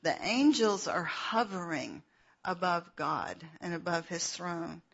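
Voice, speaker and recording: Slow, breathy woman preaching scripture. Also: fairly low pitch, lively intonation, a bit bright. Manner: unhurried, explains verses with asides and fillers. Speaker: Bible teacher. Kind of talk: slow, earnest sermon with scripture reading. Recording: dull lo-fi recording.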